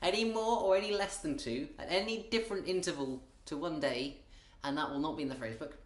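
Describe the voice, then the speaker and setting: A man's voice: fairly high pitch, fairly quick, echoey room. A British man delivering a comic monologue in a wry, rambling way, often breaking off and restarting his sentences. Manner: wry, rambling, self-interrupting. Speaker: comedian.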